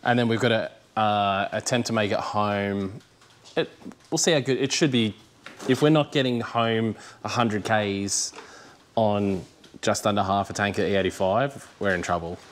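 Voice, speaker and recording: A man's voice: fairly low pitch, normal speed, slight background noise. Jokey Australian man chatting on location. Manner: jokey, teasing, easygoing. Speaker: channel host. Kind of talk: casual on-location chat.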